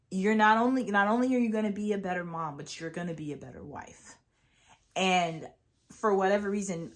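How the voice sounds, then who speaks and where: A young adult woman hosting a podcast, talking earnestly and casually about her faith and trust in God. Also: mid-range voice. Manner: earnest, conversational, preachy at times. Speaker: podcast host. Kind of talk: faith-based personal talk.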